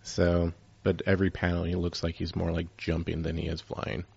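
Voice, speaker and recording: A man's voice: low-pitched, monotone, moderate pace, gravelly, darkish tone, slightly rough, muffled recording. A man hosting a casual chat, rambling with lots of fillers.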